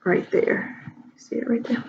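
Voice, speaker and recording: Slow, chatty woman teaching writing. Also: slight background noise. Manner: chatty and relaxed, full of ums and asides. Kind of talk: casual classroom instruction. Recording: echoey room, dull lo-fi sound.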